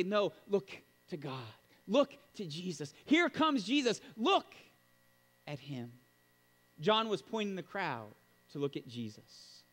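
Animated high-voiced male pastor preaching. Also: big-room sound. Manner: emphatic, animated preaching with sudden loud bursts. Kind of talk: sermon.

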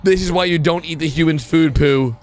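A man giving excitable reaction commentary to cartoons, exclaiming and shouting often. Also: on the high side, fairly quick. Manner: exclaiming, frequent shouts and laughs. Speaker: video reactor. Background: cartoon music and sound effects.

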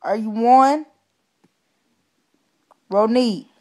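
A woman's voice: a little high, drawn-out words, a little mellow. A woman filming her baby at home, coaxing her in sing-song baby talk.

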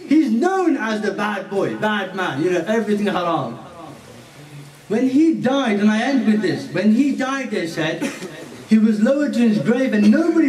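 Man preaching with humour, higher voice, heard far off in an echoey hall. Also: a little mellow. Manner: playful, teasing the audience; mixes in Urdu and Arabic words. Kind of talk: storytelling sermon. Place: mosque hall.

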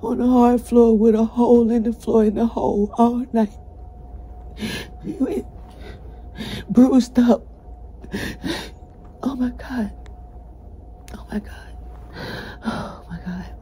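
Distraught woman pleading, dark voice. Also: on the high side, steady tone, takes it slowly, pauses often, slight background noise, poor audio. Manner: urgent, pleading, breaking into tears. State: breathless, cried out. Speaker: person recounting a jail ordeal. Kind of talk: emotional first-person testimony to viewers.

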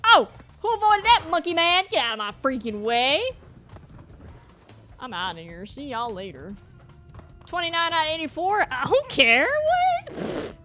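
A woman's voice: high-pitched, big pitch swings, unhurried, pauses often, sharp tone, soft background music. A woman giving exasperated, exclaiming let's-play commentary, often calling out "bro". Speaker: gamer.

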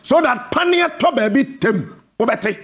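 Ghanaian male host, combative interviewer, high and lively with gravel. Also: normal speed. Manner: forceful, repeats and cuts in, sing-song emphasis. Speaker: radio and TV host. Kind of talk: combative live interview on air.

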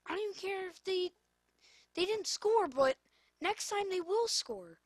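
A woman's voice: very high-pitched, animated, unhurried, dry recording. A woman commentating her own football video game, exasperated and scolding the players on screen. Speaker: gamer. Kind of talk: gameplay commentary.

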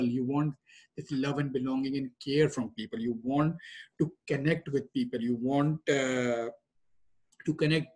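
A man's voice: on the high side, a little mellow, slightly rough. A man teaching a lesson on emotional drives in a conversational way, with many fillers and restarts. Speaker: trainer. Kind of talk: lecture on group dynamics.

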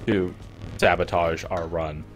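A man's voice: deep voice, steady tone, takes it slowly, muffled recording, faint music behind. A young man co-hosting a let's play, teasing his partner dryly while they play. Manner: dry, teasing. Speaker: co-host player. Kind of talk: casual gameplay commentary.

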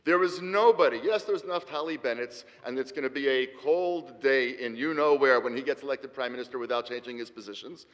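Debater, man, middle-aged: forceful, repetitive rhetoric, long hall reverb. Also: mid-range voice, brisk, hardly any pauses. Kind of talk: formal debate speech.

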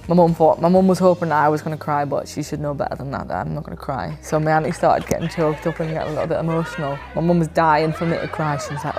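A woman's voice: sits low, fast talker, few pauses. A woman in her twenties from England, a professional footballer chatting casually and laid-back as she looks back over match footage. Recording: background music under voice.

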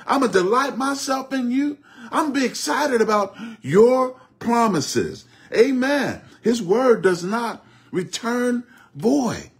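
A man's voice: extremely high pitch, big pitch swings, slow. A middle-aged man preaching a Bible study, repeating phrases and dropping frequent amens. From Oklahoma, US. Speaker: bishop teaching Bible study.

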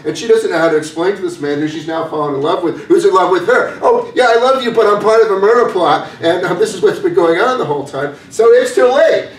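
A man lectures to a class in a thoughtful, hesitant way, often pausing on "um" as he reasons aloud. His voice is fairly high for a man. It is picked up by a distant mic in an echoey room, with a faint hiss behind it. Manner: thoughtful, hesitant with frequent ums. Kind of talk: academic lecture.

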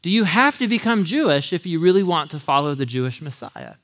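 Brief: man, 30s, sermon teacher, casual and animated, slightly higher pitch. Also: a little fast. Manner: animated, acts out quotes in lively voices; casual, conversational, laughs often. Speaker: pastor teaching a Bible series.

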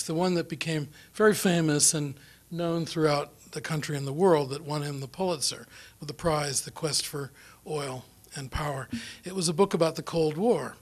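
A middle-aged man from New Zealand with a New Zealand accent, giving an after-dinner foreign policy talk as a guest speaker, rambling and self-deprecating as he tells anecdotes. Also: fairly high pitch. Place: lecture room or dinner venue.

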